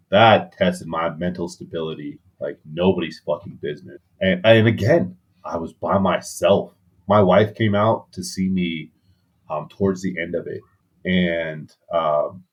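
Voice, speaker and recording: A man's voice: deep voice, slightly rough. A man, a podcast guest, telling a candid story in casual talk, swearing now and then.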